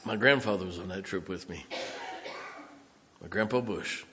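A man's voice: moderate pace, noisy background. Man preaching in an echoing hall. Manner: dramatic, swinging between loud emphatic bursts and hushed low lines. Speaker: pastor. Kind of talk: sermon with personal storytelling. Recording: long hall reverb.

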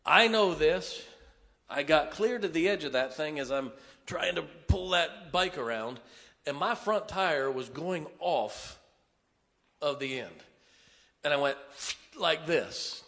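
A man preaching, telling a folksy, animated, self-mocking story from the pulpit. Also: on the high side, takes it slowly, long pauses. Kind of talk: storytelling sermon. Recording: long reverb of a large hall.

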